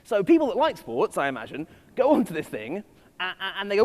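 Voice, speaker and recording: A man's voice: sits high, wildly swooping pitch, fairly quick. A man with an English accent giving a keynote talk to a live audience, playful and self-mocking in his asides. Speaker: conference speaker. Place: festival stage in a large hall. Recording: long reverb of a large hall.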